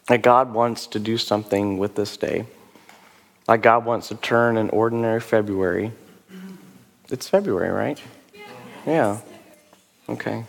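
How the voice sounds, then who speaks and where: A man preaching as a pastor, talking in a loose, conversational way with rhetorical questions and fillers, his voice rough from a sore throat. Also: on the low side, in a large hall. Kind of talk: sermon with altar call. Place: church service.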